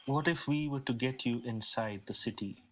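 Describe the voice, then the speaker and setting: A man playing a calm, persuasive desert traveler. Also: medium pitch, natural voice. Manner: measured and reassuring.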